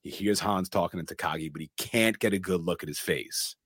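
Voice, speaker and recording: A male podcast host tells a film scene casually and with lots of energy, often stopping to restart his sentences. His voice is very deep. The sound is dry and close. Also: fairly quick, husky, no room sound. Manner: animated storytelling with frequent restarts.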